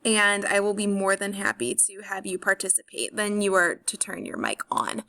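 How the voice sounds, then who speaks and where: A young woman teacher walks through a recorded class overview over a screen recording. Her voice sits at an ordinary middle pitch. She is friendly and organized, with an um now and then. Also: moderate pace, gravelly, bright, forceful tone. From St. Louis, USA. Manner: friendly, organized, with frequent ums. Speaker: high school chemistry teacher.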